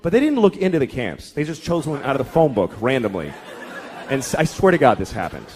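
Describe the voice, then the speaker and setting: A man's voice: mid-range voice, brisk, a faint crowd. A man doing a profane, exasperated stand-up rant on a live comedy stage. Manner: profane, exasperated, animated ranting. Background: faint audience laughter.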